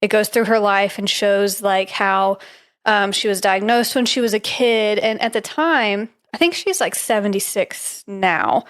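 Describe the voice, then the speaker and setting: A woman co-hosts a podcast at a medium pitch. She tells a story in a casual, giggly way, with plenty of "like" and "um" filling her sentences. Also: measured pace. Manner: chatty and giggly, with frequent "like" and "um". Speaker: podcast co-host.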